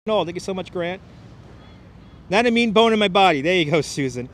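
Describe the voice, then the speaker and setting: A man's voice: high voice, expressive, fairly quick, a bit bright, a little hiss or hum. A man with a Brooklyn accent hosting a live-stream walking tour on a city waterfront, chatting with viewers and reading out their names as he goes. He is recorded on a wireless clip-on mic, with the street around him. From Brooklyn, New York. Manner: chatty, reads out viewer names and jokes with chat.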